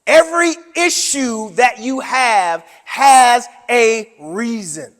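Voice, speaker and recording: Animated high-voiced man in a reverberant hall. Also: takes it slowly. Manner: animated, preacher-like delivery with sudden loud and soft turns. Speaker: presenter at a teacher workshop. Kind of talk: conference talk to educators. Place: conference room.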